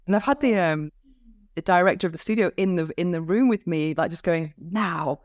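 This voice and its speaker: A woman's voice: fairly low pitch, fairly quick, a little mellow, dry recording, studio quality. A woman hosting a podcast in a casual interview chat, talkative and laughing often, with frequent restarts. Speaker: podcast host.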